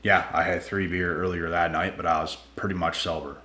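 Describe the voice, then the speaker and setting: A man telling a personal story to his viewers in a casual, animated way, slangy and swearing freely. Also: sits low, brisk, roomy sound.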